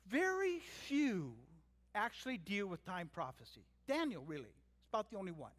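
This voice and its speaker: High-voiced preacher man in a reverberant hall. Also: sing-song, quick pace, fairly bright tone. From Canada. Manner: earnest, emphatic preaching with storytelling asides. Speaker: pastor. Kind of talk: sermon. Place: church sanctuary.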